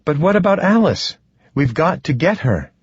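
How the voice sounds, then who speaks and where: A man reading an audiobook voices a frightened but stubborn young woman with sharp, pleading questions. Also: fairly high pitch, very animated, normal speed, breathy edge, no room sound, pitched above the performer's own voice. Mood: alarmed. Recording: dull, dry, slightly muffled.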